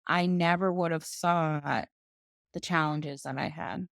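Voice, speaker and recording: A woman guest on a podcast, telling her own story in an animated conversational way. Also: low voice, slow, creaky, no room sound, studio quality. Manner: animated, acts out other people's voices in quotes.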